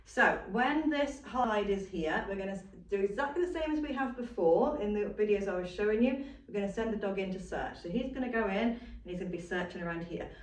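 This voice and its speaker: A woman dog trainer speaks a little fast at an ordinary middle pitch, explaining a technique step by step in an instructional demonstration with patient, repeated reminders. The sound is roomy and a little distant from the mic.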